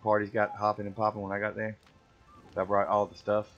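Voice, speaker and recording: He speaks fast in a monotone, his pitch fairly low, while chatting casually over gameplay with the friends he streams with. Teasing slang and silly voices pepper his talk, and the audio is muffled lo-fi with a trace of music.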